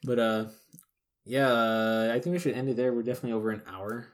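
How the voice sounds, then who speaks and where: A man's voice: mid-range voice, fairly even intonation, fast. Profane rambling man telling a story. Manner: profane, rambling, acts out quoted voices. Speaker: podcast co-host. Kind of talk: casual storytelling chat.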